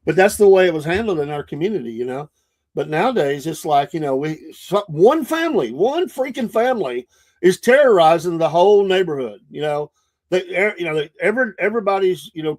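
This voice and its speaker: Middle-aged southern guy rambling on a podcast, kinda high voice, lots of "you know". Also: a little mellow. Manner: rambling storytelling, many restarts and fillers. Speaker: podcast host. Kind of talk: casual monologue.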